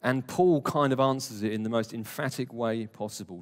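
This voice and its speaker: Conversational preacher in a reverberant hall. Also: male voice, medium pitch, moderate pace. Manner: conversational, emphatic, jokey asides. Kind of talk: live sermon. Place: warm church hall, live congregation.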